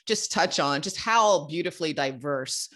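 A playful, bubbly podcast co-host from the United States, joking and laughing easily while welcoming a guest. The voice sits at a middle pitch. The talk comes over a video call. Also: lively intonation, moderate pace, bright, forceful tone. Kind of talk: casual interview chat.

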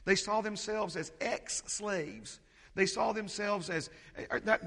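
High-voiced man preaching in a reverberant hall. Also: takes it slowly, vocal fry, bright, forceful tone, breathy edge. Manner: emphatic, repetitive, building lists, interjects "amen". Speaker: pastor. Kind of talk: sermon.

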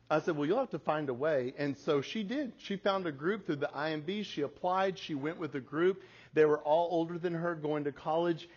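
A man in his forties giving a talk to an audience, telling a family story in an animated way and laughing at his own stories. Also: a little high. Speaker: speaker. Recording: slightly muffled lo-fi recording.

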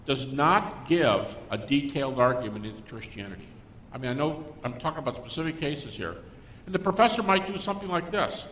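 An older man, a guest speaker, giving a Christian apologetics talk to a live audience and acting out the people in his stories. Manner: animated storyteller who acts out quoted people. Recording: echoey hall with faint rumble.

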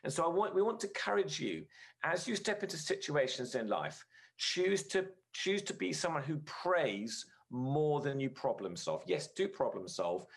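A man's voice: a little high, sing-song, moderate pace, gravelly. A man giving a conversational sermon as a guest speaker, earnest and storytelling, with frequent filler words.

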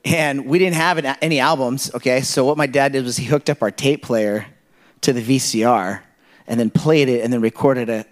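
A man's voice: mid-range voice, moderate pace. A man in his thirties preaching to a church congregation, telling personal stories in a loose, conversational way full of asides and fillers. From Kenya. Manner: conversational, rambling storyteller with frequent "like" and "you know". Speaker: pastor. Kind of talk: sermon.

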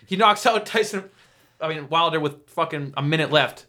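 A man's voice: a little high, normal speed, sharp tone. A young man, co-hosting a podcast and rambling with curses and self-mockery. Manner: rambling, cursing, self-mocking. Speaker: podcast co-host. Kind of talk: casual banter.

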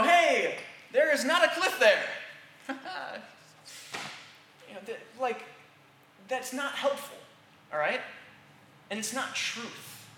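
A man's voice: high-pitched, sharp tone. A man preaching a sermon in an earnest way, often checking in with "all right?" and restarting his sentences. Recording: roomy echo with faint background hiss.

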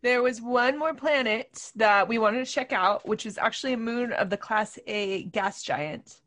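A woman's voice: fairly high pitch, unhurried, fairly bright tone. A woman co-hosting a podcast, chatty and giggly as she talks to listeners and sums up the game. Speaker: podcast co-host.

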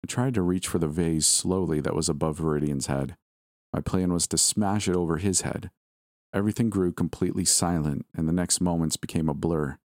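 A man narrates a first-person story in a steady, measured way. His voice is very low and deep, and the recording is close and dry, with no room sound. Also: no echo.

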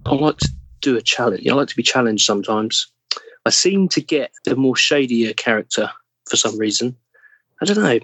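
English male guest: husky, mid-pitched, dead dry close mic, thoughtful and halting. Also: no room sound. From England. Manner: thoughtful, searching for words, trailing off. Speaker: actor, podcast guest. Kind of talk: casual interview chat.

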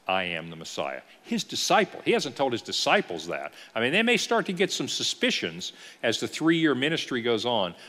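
Animated pastor teaching in a hall. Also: male voice, medium pitch. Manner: animated storytelling, rhetorical questions. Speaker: executive pastor. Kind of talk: teaching a church Bible class. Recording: long hall reverb.

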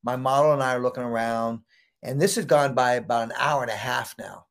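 A man with a gravelly, creaky voice, sitting as an interview guest and spinning a personal anecdote. His pitch sits in an ordinary middle range. He tells it casually, with plenty of life. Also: brisk. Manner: lively storyteller who acts out quoted voices. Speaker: guest, hairdressing educator.

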